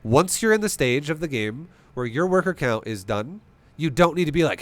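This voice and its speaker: A man streaming a strategy game, explaining his play in an animated, swearing, rhetorical way. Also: on the high side, fast. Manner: animated, profane, rhetorical questions. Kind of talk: live-stream commentary.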